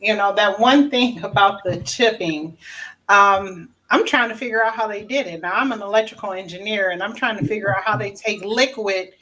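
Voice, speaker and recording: A woman's voice: mid-range voice, moderate pace, pushed and bright, poor audio. Incredulous woman in casual chat. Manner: amused, incredulous. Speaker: co-host. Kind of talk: casual talk.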